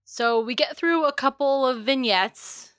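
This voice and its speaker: A woman's voice: sits high, measured pace, fairly bright tone, no echo, studio quality. A woman from New England co-hosting a podcast, chatting enthusiastically about a movie. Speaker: podcast co-host. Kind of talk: casual movie discussion chat.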